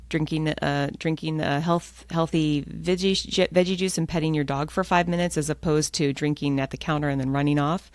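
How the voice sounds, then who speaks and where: A woman's voice: deep voice, dry recording. An American woman, an author, talking with enthusiasm as a guest in a podcast interview. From United States.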